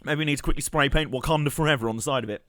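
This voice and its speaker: A man's voice: fairly high pitch, rapid-fire, bright, forceful tone, no room sound, clean studio sound. A young man, chatting and joking while commentating his live gameplay stream. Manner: chatty, joking, rambling asides with laughs.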